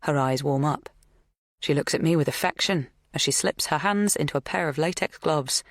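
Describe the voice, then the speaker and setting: A woman narrating a first-person psychological thriller in a measured, tense, intimate way. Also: low-pitched, no echo, studio quality. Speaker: audiobook narrator.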